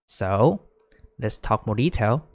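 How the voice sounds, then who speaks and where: A man giving a casual whiteboard lecture, full of fillers like "right?", growing excited as he explains. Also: lowish voice, slow pace, no room sound. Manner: chatty, many fillers, rising excitement when explaining. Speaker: teacher.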